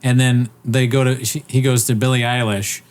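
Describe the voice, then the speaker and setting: A man hosting a podcast in a loose, casual chat. He is joking and swears freely, and his voice sits at a mid pitch that is neither deep nor high. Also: flat delivery, normal speed. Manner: joking, profane, slips into mocking impressions. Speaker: podcast host.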